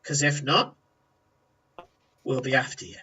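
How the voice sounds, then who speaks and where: A man's voice: mid-range voice, fairly even intonation, measured pace, sharp tone, slightly rough, recorded from a distance, highs cut off. A man voicing a menacing male half-orc debt enforcer who taunts and threatens.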